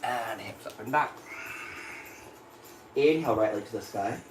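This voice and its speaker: A man with an American accent and a fairly low voice leads a yoga class in a studio, calmly cueing breaths and poses at a measured pace while doing the flow himself, which leaves him a bit breathy and short of breath. The room is echoey, music plays in the background, and the audio quality is poor.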